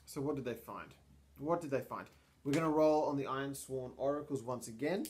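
A man's voice: mid-range voice, darkish tone, a little hiss or hum. A man narrating a solo tabletop game, thinking aloud with many ums and restarts. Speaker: storyteller and player.

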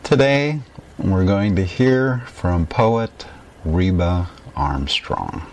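Male radio host, very low and unhurried, reading a calm scripted intro. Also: slight background noise.

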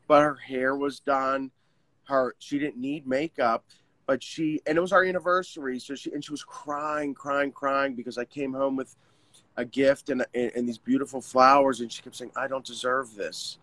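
A man, telling a painful personal story as an interview guest, in an earnest, halting way with many restarts. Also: mid-range voice, steady tone, fairly bright tone, no room sound. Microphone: video call.

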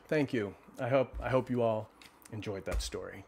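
A man hosting a livestream, reading a children's storybook aloud and then chatting with viewers in a relaxed, halting way. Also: lowish voice, creaky, breathy edge. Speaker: storyteller host.

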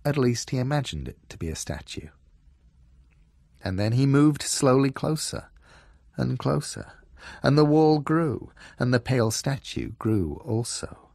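A man reading a children's story aloud, slow and dramatic. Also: medium pitch, a little mellow, no echo, clean studio sound. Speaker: audiobook reader.

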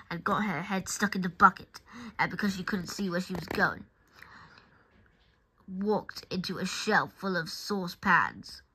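Expressive woman reader for a children's storybook; low-ish, husky, bright tone. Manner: expressive, addresses the listener directly. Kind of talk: reading a children's picture book aloud.

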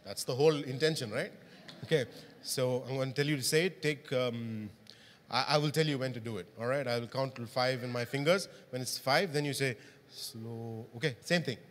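A male pastor with a mid-range voice and a slightly fast delivery preaches a sermon, often putting questions to the congregation. The long reverb of the church hall trails after his words.

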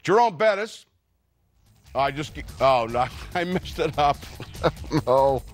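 A man hosting a sports talk show, quick-witted and teasing, with a Pittsburgh accent. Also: fairly high pitch, lively intonation. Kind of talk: lively sports talk and interviews. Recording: music faintly behind.

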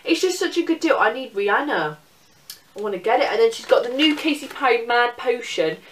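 A young Englishwoman in casual, sweary, excitable chat about her shopping haul. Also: on the high side, fairly quick, far from the mic, a little hiss or hum. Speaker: vlogger.

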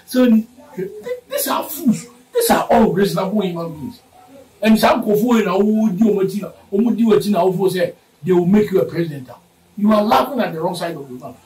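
Ghanaian male commentator, heated and repetitive, high-pitched, recorded far from the mic. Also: a little mellow, slight background noise. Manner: combative, repeats lines, switches between Twi and English. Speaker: political commentator. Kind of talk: heated political rant. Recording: roomy sound, distant from mic.

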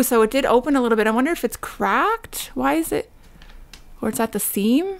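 A woman in her thirties from Canada, chatting through a home unboxing vlog, bubbly and quick to squeal and laugh. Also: fairly high pitch, lively intonation. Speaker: vlogger. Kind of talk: unboxing vlog, casual chat.

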